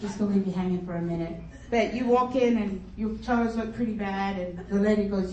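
A middle-aged woman telling a comic story to a luncheon crowd in a chatty, animated way, laughing as she goes. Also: mid-range voice, fairly quick, lo-fi sound. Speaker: luncheon speaker. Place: conference luncheon hall. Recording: echoey hall from far off, room noise.

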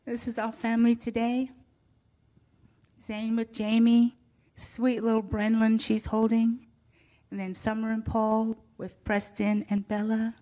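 A woman's voice: on the high side, flat delivery, unhurried, mellow. An older woman sharing a personal faith testimony with a church audience, heartfelt and earnest with light touches of humor.

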